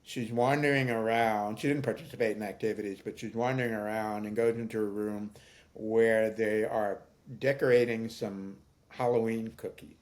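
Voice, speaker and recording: Older man telling stories, low voice. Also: a little mellow. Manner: thoughtful, halting with fillers. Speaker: guest, founder of an aging nonprofit. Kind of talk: conversational storytelling interview.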